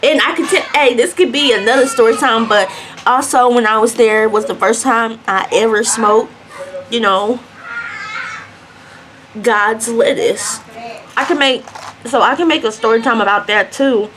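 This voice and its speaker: A young adult woman with a voice sitting a little high tells a storytime as a vlogger while eating. She talks in an animated, chatty way, eating as she goes. There is a faint hum of ambience behind her. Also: measured pace. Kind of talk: mukbang storytime.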